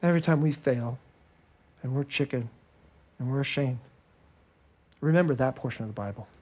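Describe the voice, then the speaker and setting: A man preaching a sermon as pastor, talking conversationally and dropping to hushed tones between livelier stretches, with laughs between phrases. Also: medium pitch, normal speed, husky.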